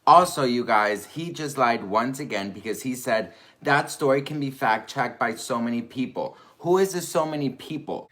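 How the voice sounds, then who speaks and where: A man's voice: mid-range voice, lively intonation, normal speed, hardly any pauses, a bit bright. A man making an indignant video, firing off rhetorical questions and repeating his points. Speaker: YouTuber defending himself.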